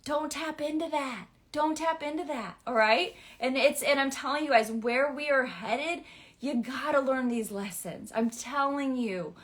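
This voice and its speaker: A young woman giving casual spiritual advice as an astrology forecaster, chatty and full of "right?" and "okay?" tags, sometimes jumping into loud exasperated voices. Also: sits high, measured pace.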